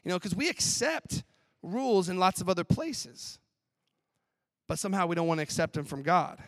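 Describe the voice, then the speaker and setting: A man who is a professor preaching a chapel sermon in an animated, playful way. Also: sits high, moderate pace. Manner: animated, playful, acts out skits with laughs. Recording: long hall reverb.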